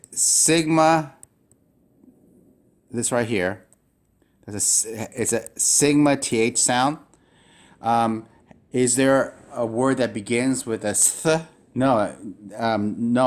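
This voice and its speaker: Halting male teacher with a lowish voice. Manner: halting, many fillers and restarts, sounds words out slowly. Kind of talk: recorded classroom lecture.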